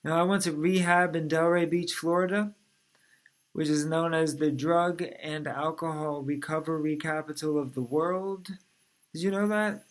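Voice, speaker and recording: A comedian in his thirties from New Orleans, USA, performs a stand-up set with dry, conversational joke delivery. His voice sits on the high side, with fairly even intonation and a normal speed.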